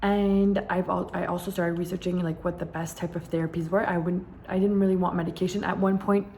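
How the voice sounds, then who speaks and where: A young woman talks candidly to her camera, leaning on repeated words for emphasis. Her voice sits a little low for a woman, and a faint noise floor hums under the recording. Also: level tone, brisk, warm tone. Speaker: vlogger. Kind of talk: casual personal storytelling.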